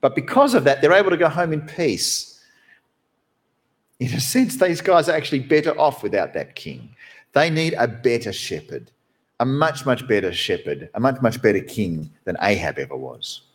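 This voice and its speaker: A man who is a pastor, preaching a sermon from behind the pulpit in an animated, conversational way. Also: normal speed. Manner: animated, conversational preaching with wide swings in pitch.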